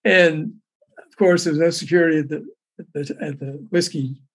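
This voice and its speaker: A man's voice: fairly high pitch, steady tone, normal speed, breathy edge. An older man, raised in Memphis, telling a long rambling anecdote, laughing and restarting as he goes. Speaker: storyteller guest.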